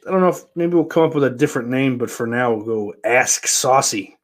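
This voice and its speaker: A man's voice: medium pitch, moderate pace. A man hosting his own show, talking in a loose, rambling, profanity-heavy monologue. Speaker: podcast host.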